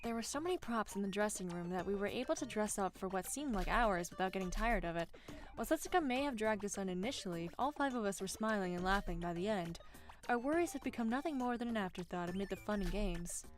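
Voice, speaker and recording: A woman streamer and voice actor reading a visual novel aloud, with casual, deadpan asides between the lines. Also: medium pitch, fast talker. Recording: game music behind.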